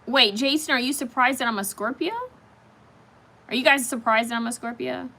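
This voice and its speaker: A woman's voice: fairly high pitch, normal speed, vocal fry, pushed and bright. A woman hosting a casual live stream, chatting straight to her viewers and reacting to their comments as they come in.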